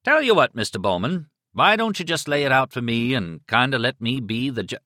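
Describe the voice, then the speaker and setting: A bored New England sheriff's deputy answers the phone in an unhurried, comfortable drawl, pitched up a little, as an audiobook reader puts him on. He sounds thoroughly unimpressed. The recording is close and dry. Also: sing-song, sharp tone, no echo. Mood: unbothered. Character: bored, unhurried small-town male deputy. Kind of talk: audiobook character voice.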